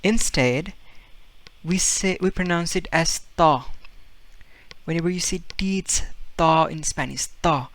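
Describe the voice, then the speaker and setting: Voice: medium pitch, a little slow, a bit bright, dry recording. A language teacher giving a casual video lesson, patiently repeating each word several times to demonstrate its sound, with a loose delivery full of fillers and restarts.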